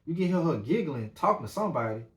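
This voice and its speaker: Male podcast host, slightly high voice, rambling anecdote, roomy echo. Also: fast. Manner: animated, rambling with many fillers. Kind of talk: casual storytelling.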